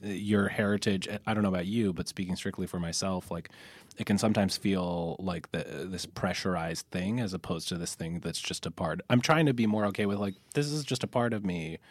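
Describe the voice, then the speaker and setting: A man's voice: low-pitched, no room sound. A young man hosting a podcast, talking reflectively in a casual interview and stopping often to restart his sentences. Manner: reflective, halting with many restarts, laughs easily. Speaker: podcast host.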